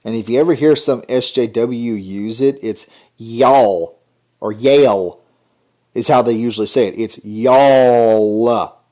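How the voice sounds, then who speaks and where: A man's voice: mid-range voice, normal speed, dark tone. A man giving an indignant, sarcastic ranting commentary. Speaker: commentary vlogger.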